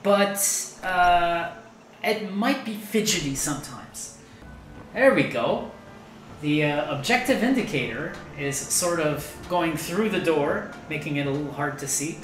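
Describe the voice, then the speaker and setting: A woman's voice: sits low, animated, measured pace, roomy sound, faint music behind, poor audio. A woman hosting a gaming video, chatting casually over her play and thinking aloud with fillers. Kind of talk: casual gameplay commentary.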